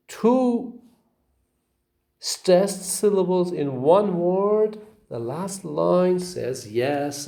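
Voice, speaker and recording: This male teacher has a slightly high, warm voice and delivers a phonetics lecture. He repeats each example word for drilling and poses questions that he then answers himself.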